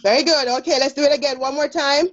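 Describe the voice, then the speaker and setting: Woman teacher with a Jamaican accent on a muffled video call; lively and encouraging, a touch high-pitched. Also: heavy background noise. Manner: brisk, encouraging, laughs often. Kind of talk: online classroom lesson.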